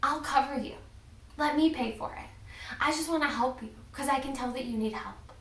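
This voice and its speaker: Woman doing a kind, reassuring helper guy, high and echoey. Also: moderate pace, far from the mic. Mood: caring. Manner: warm, reassuring. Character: kind, generous helpful man.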